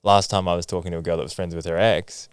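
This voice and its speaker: A young man hosting a casual podcast chat, relaxed and full of fillers like "like" and "man". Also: low voice, quick pace, smooth, no echo, clean studio sound. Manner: relaxed, filler-heavy, says "like" and "man" often. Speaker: podcast host.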